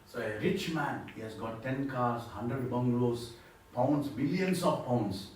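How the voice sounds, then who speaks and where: A man's voice: mid-range voice, unhurried, far from the mic, a little hiss or hum. A man gives a devotional talk, telling stories and asking the listeners rhetorical questions. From India. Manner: storytelling with acted quotes, preacher's rhetorical questions. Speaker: spiritual speaker. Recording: echoey hall, mic heard from afar.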